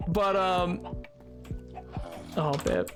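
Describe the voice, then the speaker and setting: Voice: medium pitch, drawn-out words, soft background music. A livestreamer chatting casually while gaming, rambling with lots of restarts and filler words.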